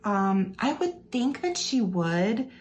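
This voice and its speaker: A woman's voice: mid-range voice, sing-song, takes it slowly, a little mellow, slight background noise. A woman casually chatting through an unboxing for her channel, gushing with enthusiasm and peppering her talk with fillers. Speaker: planner unboxing vlogger. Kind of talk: casual product unboxing chat. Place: her office or desk area, indoors.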